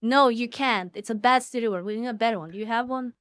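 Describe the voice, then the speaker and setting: A woman streaming casually, excitable and foul-mouthed, swinging between loud outbursts and low mumbling. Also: quick pace, dry recording, studio quality. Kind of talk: casual livestream chat.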